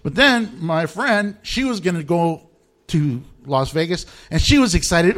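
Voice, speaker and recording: A man preaching a sermon in an animated, emphatic way, chuckling often. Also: sits high, moderate pace. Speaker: pastor.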